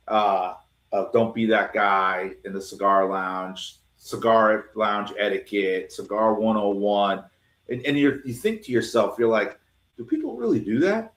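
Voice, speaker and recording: Brief: low-voiced male guest, cigar business owner, animated storyteller, roomy echo on the voice. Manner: animated, acts out dialogue in his stories. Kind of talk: casual storytelling.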